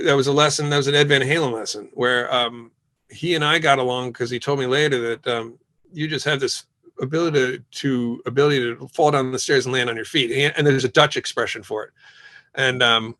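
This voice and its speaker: A middle-aged man chatting as an interview guest, with a pitch that sits in the middle range for a man. He spins lively anecdotes and drops into quoted voices of his bandmates as he goes. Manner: lively storyteller who acts out quoted exchanges. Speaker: guest musician. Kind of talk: casual interview chat.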